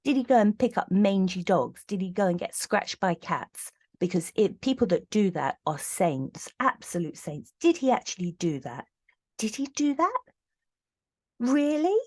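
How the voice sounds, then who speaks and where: A woman's voice: mid-range voice, expressive, normal speed, hardly any pauses, a little mellow, breathy edge. A middle-aged woman giving a casual, indignant tarot reading with sarcastic asides. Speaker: tarot reader.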